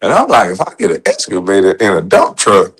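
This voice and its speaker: A man's voice: sits low, sing-song, brisk, a bit bright, husky. A man hosting a casual livestream, talking loosely with a lot of swearing and joking. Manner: loose, profane, joking and laughing. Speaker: livestream host.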